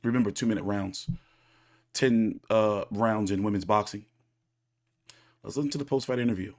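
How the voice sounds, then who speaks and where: A man's voice: on the low side, moderate pace, darkish tone. A man hosting a boxing channel, giving casual, opinionated reaction commentary with many fillers and restarts.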